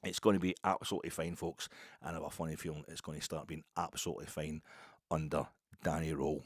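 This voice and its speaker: A man's voice: very deep voice, level tone, quick pace, slightly rough, dry recording, studio quality. A Scottish man hosting a podcast, telling a long story in a rambling, chatty monologue. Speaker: podcast host.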